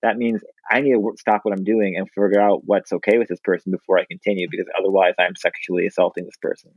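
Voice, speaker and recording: Quick, low-voiced male co-host, earnest and blunt. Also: little pitch movement, a little mellow, breathy edge, no room sound, rough recording. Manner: earnest, emphatic, blunt with profanity. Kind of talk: frank casual discussion.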